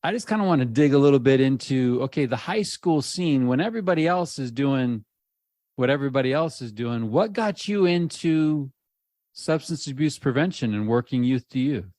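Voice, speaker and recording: A man's voice: mid-range voice, lively intonation, moderate pace, darkish tone, no room sound, clean studio sound. A man hosting a podcast, chiming in with quips and asking questions in an upbeat way. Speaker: podcast host. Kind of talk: casual interview chat.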